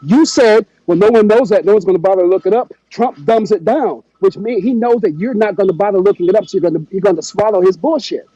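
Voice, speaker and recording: High fast guy accusing someone, dark muffled audio. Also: no room sound. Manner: accusatory, persistent. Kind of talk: heated debate.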